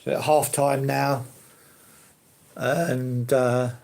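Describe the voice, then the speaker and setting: Gravelly man chatting live. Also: mid-range voice, little pitch movement, drawn-out words, darkish tone. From London. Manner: easygoing, rambling, fillers and hedges like to be honest. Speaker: live streamer. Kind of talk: casual live chat answering viewers.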